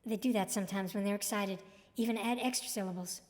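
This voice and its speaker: An actress playing an earnest young woman answering questions quickly, recorded with long reverb. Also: mid-range voice, darkish tone, close to an everyday voice.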